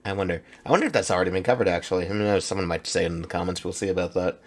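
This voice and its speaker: A man's voice: low-pitched, very fast. A man hosting a reaction video, talking casually, thinking aloud and swearing freely as he comments.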